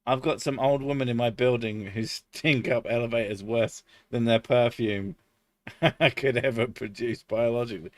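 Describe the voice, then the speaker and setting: A man's voice: mid-range voice, steady tone, moderate pace, no echo. A man chatting casually on a live stream, swearing freely and laughing often.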